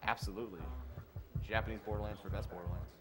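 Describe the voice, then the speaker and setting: A man's voice: lowish voice, flat delivery, quick pace, music in the background. A man hosting a charity live stream, reading donation comments aloud in a casual, jokey way.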